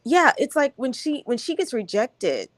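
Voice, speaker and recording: A woman's voice: high voice, sing-song, normal speed, no echo. A woman on a commentary stream who talks reflectively and searches aloud for the right words. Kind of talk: casual commentary.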